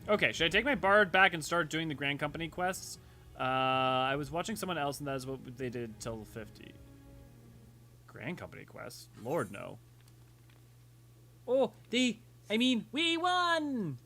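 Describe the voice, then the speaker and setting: A man chats casually over a game stream, rambling from one nerdy tangent to the next. His tone is bright and forward at a middle pitch, and he often stops to restart or correct himself. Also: moderate pace, faint music behind. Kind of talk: casual livestream chat and game commentary.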